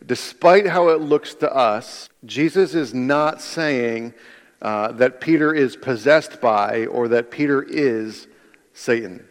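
Speaking slowly at a medium pitch, a male pastor delivers a conversational sermon full of restarted sentences and acted-out quotes. The animated preaching carries a long hall reverb.

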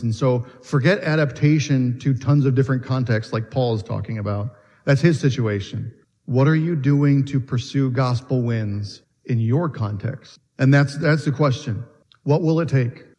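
A man's voice: mid-range voice, dark tone. A man preaching a sermon in earnest, asking questions and often restarting his phrases. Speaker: pastor. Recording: long reverb of a church hall.

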